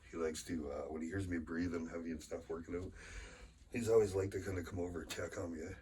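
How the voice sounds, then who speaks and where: This Canadian arm-wrestling vlogger, middle-aged and still fighting a cold, talks fast in a low, slightly mellow voice with fairly even intonation. During his home workout he chats and rambles, swears offhandedly, and sighs between sets, sounding distant from the mic amid faint ambient noise.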